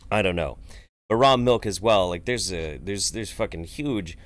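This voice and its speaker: Man, low voice, sarcastic livestream commentary, swearing, rambling. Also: normal speed. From United States. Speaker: host reacting to a video. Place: home, Eugene area.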